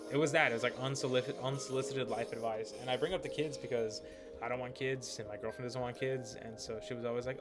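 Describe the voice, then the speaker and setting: A man's voice: mid-range voice, fairly even intonation, quick pace. A young man commenting casually while playing a game, rambling with lots of fillers and swearing. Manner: rambling, profane, many "like" fillers. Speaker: gaming streamer. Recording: music playing behind.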